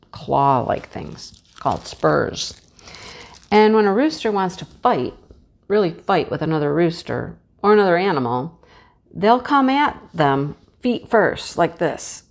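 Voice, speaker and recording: A woman hosting a casual chat vlog, telling an animated, rambling story and laughing often. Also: deep voice, creaky. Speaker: craft channel host.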